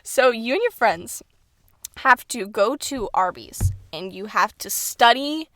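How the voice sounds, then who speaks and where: Young female podcast co-host, somewhat high voice, jokey and giggly, lots of fillers. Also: animated, takes it slowly, fairly bright tone, no room sound. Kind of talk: casual chat.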